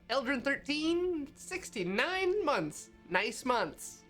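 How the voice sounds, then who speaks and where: Unhurried woman streamer with a lively pitch, faint music underneath. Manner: unhurried, laughs often. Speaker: stream co-host. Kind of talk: casual chat reading subscriber thanks.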